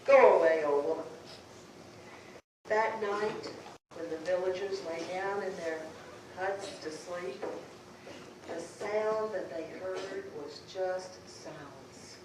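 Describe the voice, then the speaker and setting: A woman storyteller telling a folktale live to an audience, with dramatic, drawn-out phrasing. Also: on the low side. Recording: echoey room, far mic, background noise.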